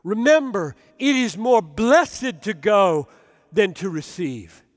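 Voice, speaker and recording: Male preacher, high voice, slow deliberate delivery, earnest and emphatic, long hall reverb. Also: big pitch swings. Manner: earnest, emphatic, drops to soft low tones. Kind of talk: sermon.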